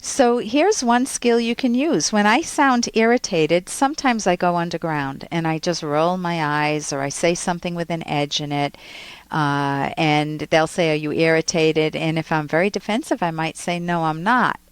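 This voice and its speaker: A woman hosts a psychology advice show on the radio. She coaches the caller with emphasis and acts out sample lines for him. Her voice sits fairly low, and the studio sound is dry. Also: normal speed, clear, resonant tone, no echo. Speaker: radio call-in host, psychologist.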